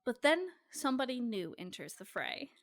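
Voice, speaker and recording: A woman's voice: a little high, very animated, normal speed, no echo, studio quality. A young woman co-hosting a podcast, chatting casually and profanely about a TV show and laughing often. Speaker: podcast co-host. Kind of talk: casual recap chat.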